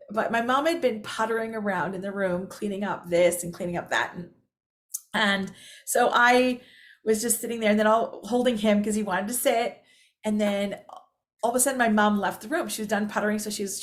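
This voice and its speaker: A woman's voice: mid-range voice, steady tone, normal speed. A woman telling a personal story casually to camera, rambling, full of fillers and restarts, often laughing. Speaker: vlogger.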